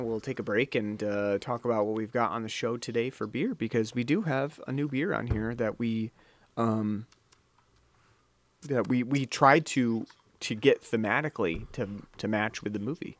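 A man's voice: medium pitch, normal speed, no echo. A man hosting a casual podcast, wandering through his thoughts with plenty of restarts and "you know"s. He sits close to the mic in a dead, dry room. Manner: rambling, with many fillers and restarts. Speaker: podcast host. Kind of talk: casual chat. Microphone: close microphone.

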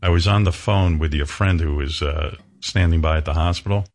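A man's voice: sits low, brisk. A man in his sixties, a radio host, talking candidly and emotionally, rambling with many restarts. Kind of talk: candid talk-show conversation.

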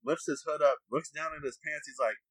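A man's voice: fairly high pitch, steady tone, brisk, a bit bright, breathy edge, no room sound, low-quality recording. A man telling a crude story from his old pipeline job in a casual chat, laughing along. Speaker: podcast co-host.

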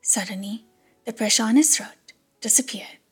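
A woman's voice: on the high side, moderate pace, soft background music. A woman narrating an audiobook chapter in a whispered role-play. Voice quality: breathy whisper.

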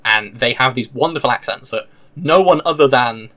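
Male podcast host, crisp bright voice, chatty and digressive. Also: medium pitch. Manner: chatty, digressive, quick to enthuse. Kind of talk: casual podcast chat.

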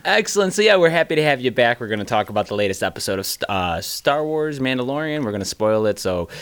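A man's voice: mid-range voice, big pitch swings, fast talker, a bit bright, clean tone. A man co-hosting a podcast, chatting casually and laughing often. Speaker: podcast co-host. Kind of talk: casual chat.

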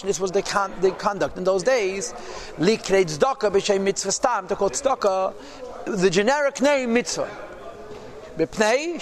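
A man giving a Torah class, reading Hebrew phrases and translating them line by line in an explanatory, emphatic way. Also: sits high. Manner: reads Hebrew text then translates line by line. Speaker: Torah teacher. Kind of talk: Talmudic text class.

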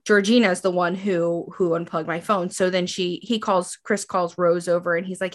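A woman in casual chat, retelling a movie scene by scene and acting out the characters' lines with lively, sweary energy. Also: on the low side, normal speed, few pauses.

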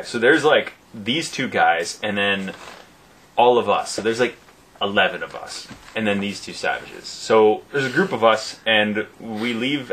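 A man with a very low voice rambles through an anecdote, packing it with fillers and acted-out quotes. Faint background noise sits under the casual chat. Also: low-quality recording. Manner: rambling, animated, lots of fillers.

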